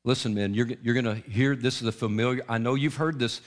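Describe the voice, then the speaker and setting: A male preacher giving an impassioned sermon to men, swinging from soft asides to loud, rising declarations. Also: mid-range voice, steady tone, brisk.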